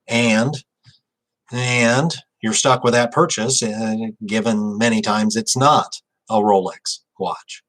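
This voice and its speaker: A man's voice: lowish voice, steady tone, takes it slowly, a bit bright, rough recording. A man, an auctioneer, explaining a legal point in an informal talk, thinking aloud with frequent fillers and restarts. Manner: reads a quoted passage aloud.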